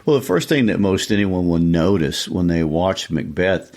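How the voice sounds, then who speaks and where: Guy co-host, really deep voice, asks plain questions. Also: expressive, moderate pace, darkish tone. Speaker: podcast co-host. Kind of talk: conversational podcast discussion.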